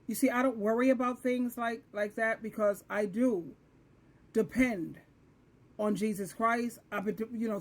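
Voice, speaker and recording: High-voiced woman, earnest faith commentary. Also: unhurried. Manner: earnest, emphatic, conversational. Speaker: host. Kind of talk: religious commentary.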